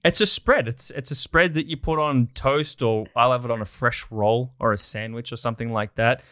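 A man's voice: medium pitch, normal speed, fairly bright tone, dry recording, studio quality. An Australian man chatting enthusiastically as a guest in a casual interview. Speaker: guest, documentary producer.

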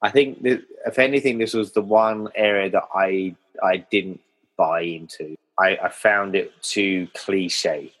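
A man's voice: low voice, steady tone, a little slow, a bit bright, low-quality recording. A man co-hosting a casual film discussion, retelling the plot and laughing often. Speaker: film podcast co-host.

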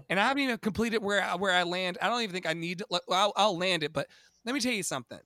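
Guy in his 30s from virginia, high-ish bright voice, dramatic storyteller, dry close sound. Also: no echo. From Virginia, USA. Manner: animated, dramatic storyteller, swears freely. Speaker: podcast guest, Broadway singer. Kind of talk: storytelling interview.

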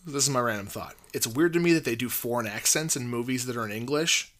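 A man co-hosting a casual podcast, chatting loosely and circling his thoughts. His voice is bright and lands at an average pitch. He trails off, restarts and leans on "like" constantly. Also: quick pace. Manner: rambling, hesitant, full of "like" fillers. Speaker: podcast co-host. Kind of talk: casual chat.

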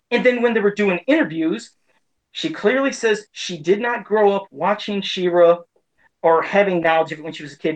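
A man's voice: high voice, poor audio. A man in his forties giving a casual, heated opinion rant as a pop culture commentator, indignant and frustrated.

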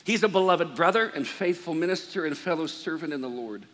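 A man preaching a sermon, lively and jokey, acting out both sides of everyday conversations. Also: fairly high pitch, fairly quick. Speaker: pastor. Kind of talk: sermon with comic storytelling. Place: large church hall with reverb. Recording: long hall reverb.

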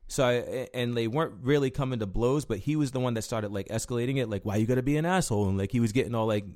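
A man's voice: mid-range voice, fast, darkish tone. A man chatting casually, telling rambling stories about bouncing at a bar, full of fillers and swearing. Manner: rambling storyteller, heavy filler words, swears freely. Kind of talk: casual chat.

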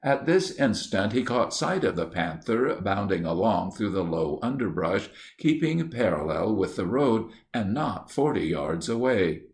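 A man narrating a storybook in a steady, measured reading voice that lifts for the dialogue. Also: lowish voice.

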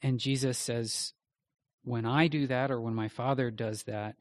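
A man's voice: mid-range voice, fairly even intonation, unhurried, dry recording. A man co-hosting a Bible question show, explaining in a conversational, earnest way. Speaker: co-host pastor.

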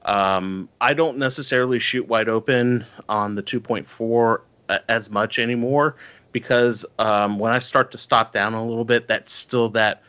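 A podcast co-host chats casually, rambling with many fillers and restarts. His mid-range voice is clear and resonant, fairly bright, with fairly even intonation and a moderate pace.

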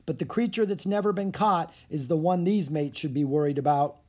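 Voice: mid-range voice, a little fast, close to an everyday voice. An audiobook narrator voicing a boastful male sailor who talks in hearty old sea slang. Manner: hearty, loud sailor talk.

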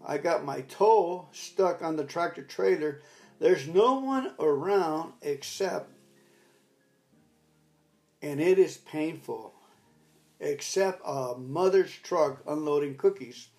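An older man telling a rambling personal story in a casual, reflective talk. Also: on the high side. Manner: rambling storyteller, bursts into loud commands when retelling. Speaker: recovery talk speaker.

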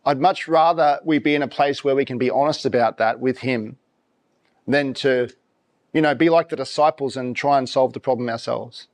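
A pastor preaching a sermon in church, talking conversationally and throwing out rhetorical questions in an animated way. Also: male voice, medium pitch, normal speed.

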